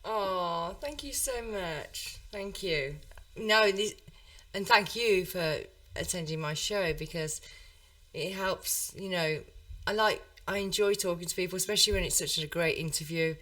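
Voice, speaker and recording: A bright, forceful-sounding woman hosting a relaxed interview podcast. She is effusive and giggly, laughing often and heaping warm compliments on her guest. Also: lowish voice, unhurried. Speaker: podcast host. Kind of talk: casual interview chat.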